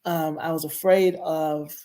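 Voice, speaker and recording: A woman's voice: low voice, fairly even intonation, a little slow, warm tone. A middle-aged woman guest telling her childhood story in an earnest, reflective way. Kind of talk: personal storytelling.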